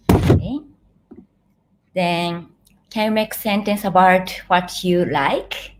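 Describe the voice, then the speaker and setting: A Japanese-accented woman runs a live online class from home. Her voice rises and falls in a lively way as she models words for students to repeat. She speaks patiently and clearly. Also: on the low side. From eastern Japan. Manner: patient, repeats words slowly for learners to copy. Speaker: language teacher. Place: home, living in Thailand.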